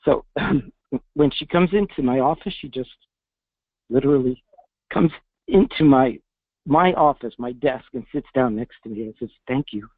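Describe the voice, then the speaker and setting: Earnest vet on a tinny dry line. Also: male voice, medium pitch, dry recording. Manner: earnest, repeats words, halting restarts. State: choked up with emotion. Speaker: veterinarian guest. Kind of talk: emotional storytelling interview. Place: out in a public space.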